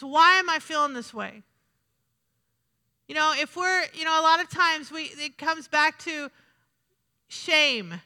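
High bright woman preaching in a hall. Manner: conversational, repetitive, asks the congregation questions. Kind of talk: sermon.

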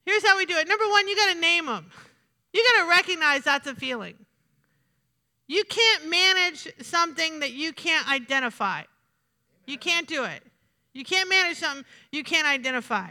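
Woman preacher, high and very bright voice, chatty repetitive sermon, long hall reverb. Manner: conversational, repetitive, asks the congregation questions.

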